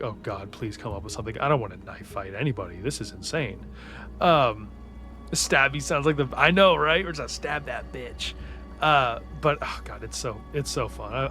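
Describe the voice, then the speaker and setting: With a medium-pitched, fairly bright voice, this podcast host runs through book recaps in casual chat. He's enthusiastic, rambles, and curses a lot, while music plays faintly behind him.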